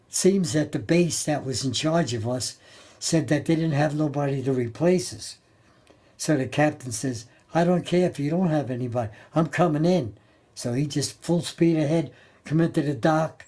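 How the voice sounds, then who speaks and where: An older man recalling his time as a Navy sailor in a halting, plain-spoken way, often repeating and restarting his words. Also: on the high side, darkish tone. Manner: plain-spoken, colloquial grammar. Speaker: Navy veteran interviewee. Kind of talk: oral history storytelling.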